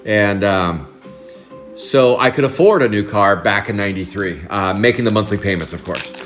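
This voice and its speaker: A man's voice: on the low side, normal speed, fairly bright tone, soft background music. A man in his forties from Oregon, chatting casually on a live card break stream, telling rambling stories with frequent chuckles. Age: 40s. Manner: rambling storyteller, chuckles often.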